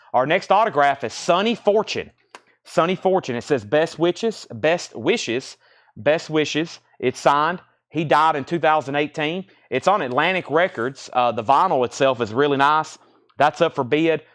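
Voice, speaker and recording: A man's voice: a little high, fairly bright tone. Chatty man hosting a live record auction. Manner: chatty, repeats lot details and prices. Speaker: host of a live record sale. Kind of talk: casual live auction patter. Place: record shop.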